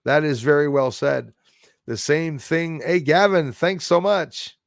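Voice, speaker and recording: A man's voice: a little high, measured pace, creaky, dry recording, clean studio sound. A man hosting a casual live stream, rambling as he greets viewers and reads their chat comments aloud.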